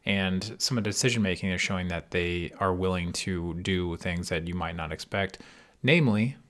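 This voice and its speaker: A man's voice: sits low, normal speed, fairly bright tone. Laid-back swearing podcast guy. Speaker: podcast co-host. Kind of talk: casual podcast chat.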